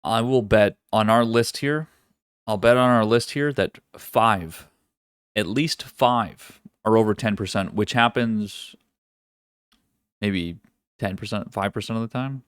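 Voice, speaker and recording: A man with a fairly low voice and a dry, close sound talks through market analysis on a live trading stream. He is casual and loose, swears now and then, and keeps restarting his sentences as he thinks aloud. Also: unhurried, smooth, dry recording.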